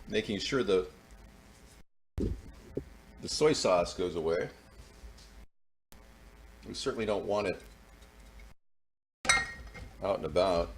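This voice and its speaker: A man's voice: low-pitched, a little slow, long pauses. Chatty man in his fifties, noisy recording. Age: 50s. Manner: chatty and rambling, with folksy asides. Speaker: cooking show host. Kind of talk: casual cooking demonstration. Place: home kitchen. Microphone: close-up wired mic.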